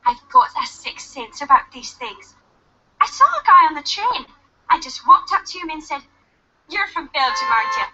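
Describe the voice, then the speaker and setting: A pushy, bubbly young woman in a mystery game, very high and bright. Her voice bounces around a lot. The sound is dull and lo-fi. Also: sing-song, normal speed, heavily acted. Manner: bubbly and overfamiliar. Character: pushy, chatty young woman fan of Americans.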